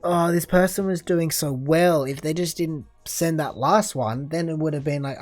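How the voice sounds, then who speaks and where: A man's voice: on the high side, normal speed, no room sound, faint music behind. A man hosting a reaction video, reading posts aloud and mocking them with sarcastic, incredulous commentary. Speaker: reaction channel host.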